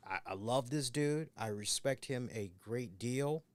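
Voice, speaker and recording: A man's voice: medium pitch, measured pace. A man co-hosting a casual podcast chat, rambling and swearing as he acts out the voices of people he quotes. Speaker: co-host.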